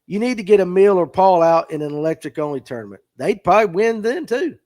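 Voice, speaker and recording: A man's voice: high voice, expressive, a little fast, darkish tone. A man hosting a fishing podcast livestream, chatting casually and reading out viewer comments in a folksy way. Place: tackle shop.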